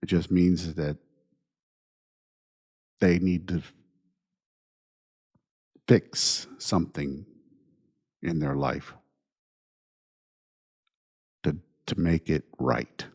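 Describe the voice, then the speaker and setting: Male podcast host, dark and mellow voice, reflective solo talk that circles back through rhetorical questions. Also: low-pitched, slightly rough. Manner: unhurried, repeats points with rhetorical questions. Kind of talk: reflective monologue.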